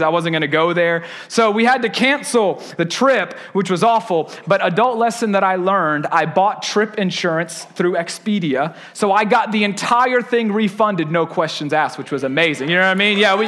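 A man, preaching a sermon through an animated, self-deprecating personal story. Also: sits high.

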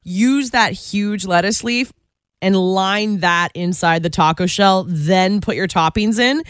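A woman's voice: mid-range voice, takes it slowly, clear, resonant tone, no room sound, studio quality. A woman co-hosting a radio show, chatting casually and giggling as she tells stories and reads entertainment news.

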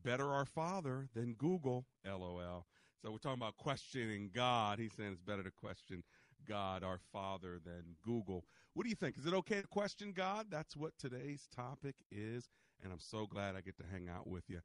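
A man hosting a radio call-in show, chatty and lively with quick restarts and chuckles. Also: fairly low pitch, no echo. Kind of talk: casual call-in talk.

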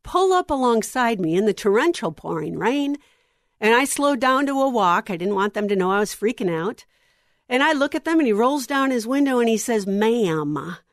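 Animated woman preaching to women. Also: a little high, brisk, no echo, clean studio sound. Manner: animated storyteller, acts out dialogue. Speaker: women's ministry speaker. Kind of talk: sermon with personal story.

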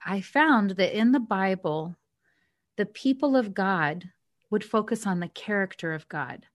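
A woman's voice: mid-range voice, a bit bright, no echo, studio quality. A woman co-hosting a faith podcast, telling a personal story in an earnest, heartfelt way with small restarts, on a podcast mic. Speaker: podcast co-host.

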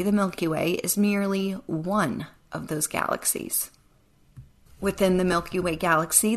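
A woman hosting a devotional podcast, speaking in an earnest, reflective way that sometimes sinks to a near whisper. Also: mid-range voice. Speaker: podcast host.

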